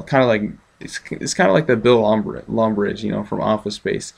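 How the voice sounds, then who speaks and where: Casting: chatty, offhand male vlogger reviewing a film, lowish gravelly voice. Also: normal speed, hardly any pauses. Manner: chatty, offhand, many ums and laughs. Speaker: movie reviewer. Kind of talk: casual movie review.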